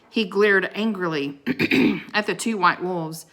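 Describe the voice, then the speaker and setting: Bright-voiced woman reading a storybook aloud. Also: mid-range voice, slow pace. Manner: expressive, with occasional stumbles. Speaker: reader of a children's book.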